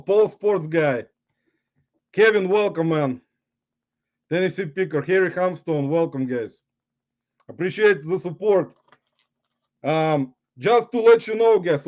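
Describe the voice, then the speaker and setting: A man's voice: on the high side, a little mellow, lo-fi sound. A man hosting a casual livestream, rambling and hesitant with many fillers, chuckling and greeting viewers by name. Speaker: YouTube livestream host, reseller.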